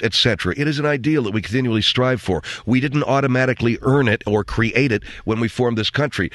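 A man's voice: medium pitch, fairly bright tone, no echo. A man hosting a talk show, delivering a sarcastic, rambling opinion monologue.

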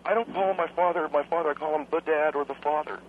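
Young man, high-ish voice, cheeky, rambling, stumbles, tinny phone line. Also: steady tone, fast talker, a little hiss or hum. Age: young adult. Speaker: radio caller.

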